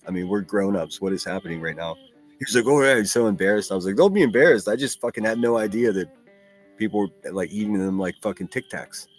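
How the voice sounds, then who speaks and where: A man with a Pittsburgh accent hosts a livestream in a low voice, chatting loosely, swearing freely and calling out names from chat. Faint music plays under his talk. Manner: profane, chatty, reads chat names aloud. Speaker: livestream host. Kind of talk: casual livestream commentary.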